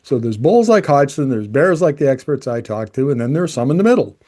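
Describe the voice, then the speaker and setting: A man's voice: mid-range voice, big pitch swings, a little fast, dark tone. A man giving conversational, emphatic energy commentary, often restarting his sentences. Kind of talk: opinion commentary to camera.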